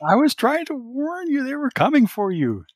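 A man voicing a cheerful, pushy young woman in a tabletop game, talking in a high, breezy way. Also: sing-song, moderate pace, no room sound, studio quality, heavily acted. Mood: chipper. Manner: bright and breezy, upbeat.

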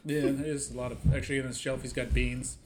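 A man's voice: medium pitch, little pitch movement, fast talker, noisy background. A man co-hosting a podcast in casual banter, joking and teasing with frequent laughs. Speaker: podcast co-host.

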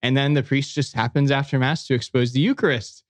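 A man, a podcast guest, telling a story in a casual, lively way and often acting out other people's lines. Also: medium pitch, a little fast. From United States.

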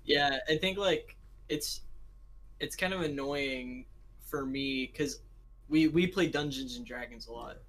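A man's voice: mid-range voice, measured pace, fairly bright tone, low-quality recording. A young American man co-hosting a casual podcast, rambling and self-deprecating as he chats and laughs often. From United States. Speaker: podcast co-host. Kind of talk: casual chat.

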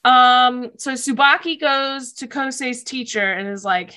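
A woman's voice: sits high, unhurried, bright, forceful tone. A woman casually recapping episodes of a show, emotional and gushing, laughing often and saying "like" a lot.

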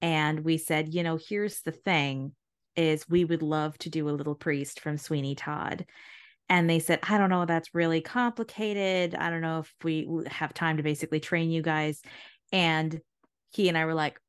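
Female co-host, very low voice, chatty storyteller, dry close recording. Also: steady tone, clean tone, dry recording. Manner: chatty, quick reactions and laughs. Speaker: podcast co-host. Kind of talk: casual storytelling chat.

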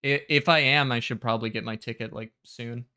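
A man's voice: mid-range voice, steady tone, a little fast, pushed and bright, clear, resonant tone. A man co-hosting a podcast in casual chat, easygoing and laid-back. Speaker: podcast co-host.

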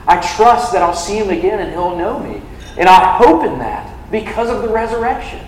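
A man's voice: a little high, slight background noise. A young man preaching a sermon to a campus ministry, conversational and full of "like" fillers. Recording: echoey hall from a distance.

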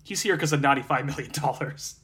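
A man from Wisconsin co-hosting a sports podcast, animated and blunt, laughing often. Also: fairly high pitch, fast. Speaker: podcast co-host. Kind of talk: casual sports chat.

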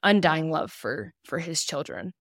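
A woman's voice: sits low, a little slow, vocal fry, fairly bright tone, no echo, clean studio sound. A young woman in her twenties, a podcast guest, telling a personal story in earnest and acting out the people she quotes. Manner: earnest, acts out quoted dialogue.

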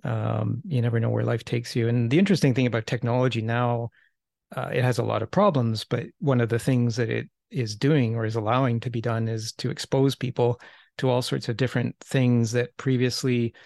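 A man guides a relaxed seminar discussion with a gravelly, fairly flat voice. He speaks thoughtfully and in a measured way, often restarting his sentences. The sound is dry and close. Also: mid-range voice, no room sound. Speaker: discussion leader.

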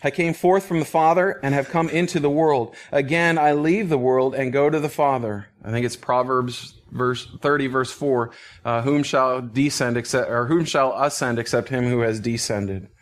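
A man preaching as a pastor, reading scripture and explaining it in an earnest, emphatic way, sometimes dropping to a hush or laughing softly. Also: medium pitch, normal speed. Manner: earnest, emphatic, with soft laughs and hushed phrases. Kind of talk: expository Bible teaching.

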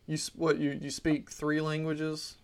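Man, podcast host, gravelly voice, a bit higher pitched, casual questions. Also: monotone, unhurried. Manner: prompting questions, brief acknowledgments. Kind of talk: casual conversation.

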